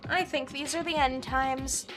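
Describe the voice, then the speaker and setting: A woman voicing a gleeful, mocking male bear mascot villain, reading game dialogue slowly and tauntingly on a stream. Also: sits high, steady tone, music in the background. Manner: slow, drawn-out taunting delivery.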